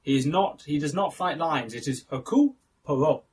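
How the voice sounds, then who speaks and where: A man's voice: fairly high pitch, moderate pace, a little hiss or hum. A young man hosting a casual film review, chatty and enthusiastic, correcting himself as he goes.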